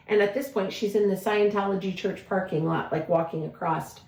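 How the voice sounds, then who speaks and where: A woman co-hosting a casual chat show, telling a long story in an animated, chatty way and often quoting herself. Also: mid-range voice, moderate pace. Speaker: podcast co-host. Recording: roomy echo.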